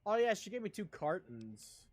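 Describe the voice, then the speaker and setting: A man's voice: high voice, very animated, moderate pace, a little mellow, dry recording. A man streaming a video game, chatting casually as he plays, rambling and laughing often. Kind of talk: casual gameplay chat.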